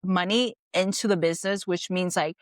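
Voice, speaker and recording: A woman's voice: lowish voice, steady tone, normal speed, dry recording, clean studio sound. A young woman hosting her own podcast, talking in a loose, free-flowing way full of "like" and "you know". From moved to America at age ten. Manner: chatty, free-flowing, lots of "like". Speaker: podcast host. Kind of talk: casual chat.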